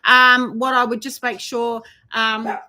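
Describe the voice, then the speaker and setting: A woman horse trainer giving advice in a live Q&A, talking with many ums and pauses. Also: fairly high pitch, level tone, sharp tone. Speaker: horse trainer answering viewer questions. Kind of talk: live Q&A chat.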